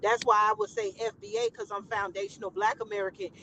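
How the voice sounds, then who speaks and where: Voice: medium pitch, little pitch movement, fast, sharp tone, slight background noise, poor audio. A live stream co-host in casual political talk, explaining through examples and pressing a point.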